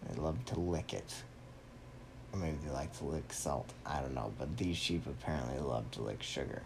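A man playfully making up a story aloud for a child, animated and teasing. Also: rumbling low, normal speed, vocal fry, noisy background. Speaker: parent telling a story to a child. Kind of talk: improvised bedtime story.

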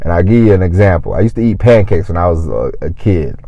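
Talking fast and with great animation, a man with a low, mellow voice rambles through his solo podcast from a car in a parking lot. He's chatty and folksy and keeps interrupting himself, and the recording is dry with the highs cut off.

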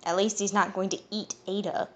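A woman's voice: medium pitch, little pitch movement, fairly quick, dull audio, close to an everyday voice. A woman reading a small, prickly male pixie who grumbles and growls in an audiobook. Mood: grumpy.

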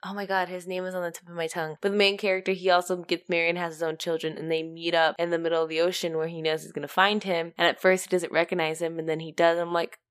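A young woman co-hosting a casual chat, animated and rambling, often laughing and turning teary. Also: fairly low pitch, fast, hardly any pauses, clean tone.

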